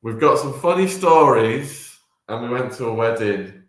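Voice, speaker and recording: A man's voice: mid-range voice, animated, a little slow. A man co-hosting a family live stream from home, playful and teasing as he chats with viewers. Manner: playful, coaxing, teasing baby talk. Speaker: co-host and father. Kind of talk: casual live-stream chat. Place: home kitchen. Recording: very echoey room.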